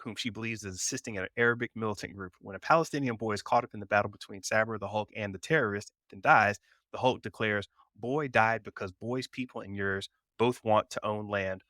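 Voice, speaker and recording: Male podcast co-host, low voice with a crisp bright edge, easygoing delivery, dry close sound. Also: no echo. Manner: relaxed, conversational, brings up news topics. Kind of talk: casual pop culture chat.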